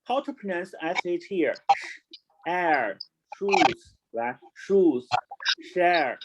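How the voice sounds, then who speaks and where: A man teaching an online class to children, talking slowly, repeating words and spelling them out, switching between English and Chinese. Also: sits high, animated, highs cut off, very noisy.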